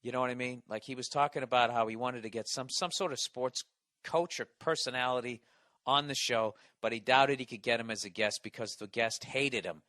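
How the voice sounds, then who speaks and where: A man's voice: medium pitch, brisk, pushed and bright, no echo, studio quality. A man hosting a podcast, delivering an exasperated, profanity-laced comedic rant full of restarts. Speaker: podcast host. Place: Los Angeles.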